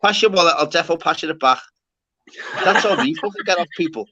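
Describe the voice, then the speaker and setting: Chatty Scouse man with a bright voice. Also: fairly high pitch, fast, muffled recording. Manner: swearing, banter-heavy, laughs often. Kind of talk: casual chat.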